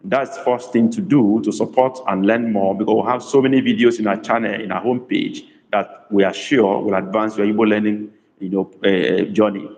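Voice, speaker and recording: A man teaching a live online language lesson, slowly repeating sentences and reading out viewers' comments. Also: on the low side, fairly even intonation, darkish tone, big-room sound, poor audio. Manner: slow, deliberate repetition of sentences. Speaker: language tutor.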